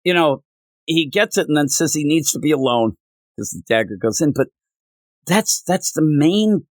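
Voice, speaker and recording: A man co-hosting a casual comics podcast, rambling as he retells scenes with quick paraphrased quotes. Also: a little high, animated, dry recording. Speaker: podcast co-host reviewing comics. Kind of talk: casual chat.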